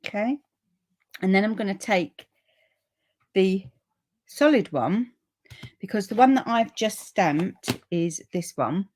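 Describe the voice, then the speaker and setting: A woman's voice: medium pitch, animated, takes it slowly, long pauses, a little mellow. A woman hosting a live papercraft demonstration at home, chatting and rambling in friendly asides as she reads out viewer comments. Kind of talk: live crafting stream, reading viewer comments. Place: room upstairs at home.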